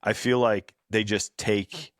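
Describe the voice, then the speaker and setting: A man's voice: lowish voice, steady tone, slow pace, dry recording, studio quality. A middle-aged man co-hosting a podcast, telling parenting stories in casual chat, often laughing and acting out what others said. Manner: storytelling, laughs often, acts out quotes. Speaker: podcast co-host.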